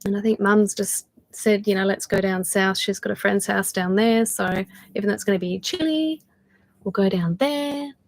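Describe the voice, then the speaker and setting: A tired woman with an Australian accent, chatting casually with viewers on a livestream, laughing often and trailing off into soft asides. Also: medium pitch, moderate pace, no echo, low-quality recording. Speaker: channel host doing a livestream. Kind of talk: casual live chat with viewers.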